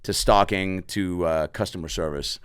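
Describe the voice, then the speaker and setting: Deep-voiced man telling loose stories. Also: steady tone, moderate pace, fairly bright tone, clean tone, no room sound, clean studio sound. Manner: loose, laid-back storytelling with profanity and acted-out quotes. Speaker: comedian guest. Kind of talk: casual storytelling chat.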